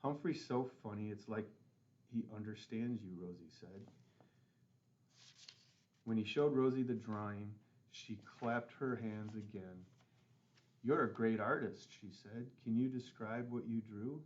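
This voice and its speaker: A man's voice: on the low side, unhurried, dull audio. Man reading a children's book aloud. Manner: gentle storytelling with light character voices. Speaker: school board president reading aloud.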